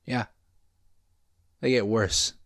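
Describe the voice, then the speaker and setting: A man's voice: on the low side, steady tone, extremely slow. A man giving sarcastic, profane comedic commentary while reviewing a show. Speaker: video reviewer.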